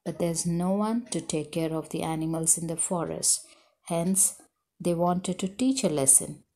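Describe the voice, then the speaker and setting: A woman teacher with an Indian English accent reads a story to children at an unhurried pace. Her voice sits a little low, and she stops to explain words slowly and patiently. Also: steady tone, mellow.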